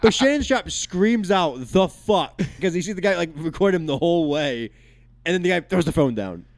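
A man's voice: high-pitched, brisk, no echo, soft background music. A man co-hosting a sports podcast, telling stories in loose, profane banter. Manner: animated storyteller, swears freely. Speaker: podcast co-host. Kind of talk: casual sports talk.

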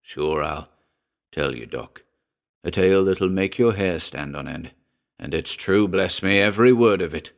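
A man voicing a gruff, frightened old sea captain who talks in salty sailor's speech, low and brooding. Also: lively intonation, measured pace, full character voice. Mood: haunted, brooding.

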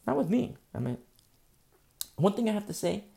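A male preacher with a gravelly, creaky voice delivers an earnest sermon. He shifts between hushed, pleading passages and sudden emphatic bursts. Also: sits high, sing-song, normal speed.

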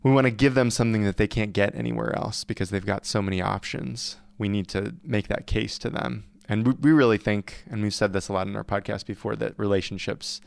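A man co-hosting a podcast on youth ministry, talking through his points in an earnest, measured way. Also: lowish voice, fairly even intonation, gravelly, smooth, no room sound. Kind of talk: casual podcast discussion.

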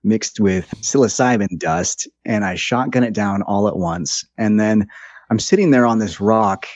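A man, a podcast guest, telling a casual story with lively quoted asides and laughter. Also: fairly low pitch, measured pace, no echo, highs cut off.

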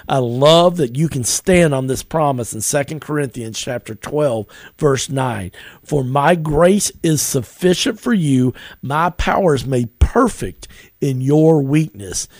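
An earnest middle-aged man gives a devotional podcast talk in a voice of ordinary pitch. He speaks conversationally and slows down when reciting scripture. The sound is dry and close, with no room echo. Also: a little mellow. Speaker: pastor and podcast host.

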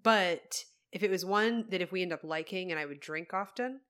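A woman's voice: on the low side, normal speed, a bit bright, smooth. A woman co-hosting a casual chat while tasting whiskey, talking through facts with chatty asides. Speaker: podcast co-host.

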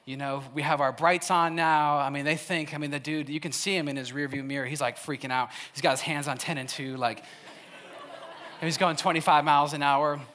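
A faint crowd can be heard as a young youth speaker from Wisconsin tells stories in a sermon to a live audience. His fairly high voice is steady and sharp at a moderate pace, and he stays casual and chatty, laughing often and using "like" constantly.

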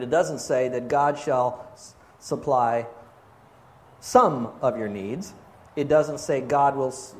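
Emphatic man preaching a sermon. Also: mid-range voice. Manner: asks the congregation questions, emphatic and conversational. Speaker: pastor.

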